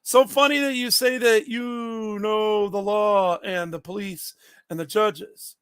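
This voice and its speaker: A man's voice: high voice, steady tone, takes it slowly, a bit bright, smooth, no echo. A man livestreaming and talking straight back to his chat, blunt and confrontational, swearing freely.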